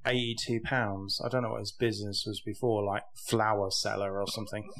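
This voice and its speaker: Joking english guy, lowish voice. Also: flat delivery, a little fast, fairly bright tone. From England. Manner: joking, rambling and sarcastic. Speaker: podcast co-host. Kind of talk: casual chat.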